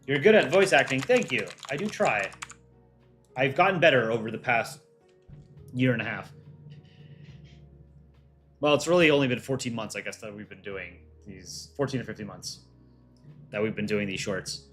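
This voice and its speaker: A man's voice: medium pitch, normal speed, long pauses, fairly bright tone, soft background music. A man who voices cartoon characters, hosting a casual livestream and reading viewer chat aloud as he runs polls. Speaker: livestream host and voice actor.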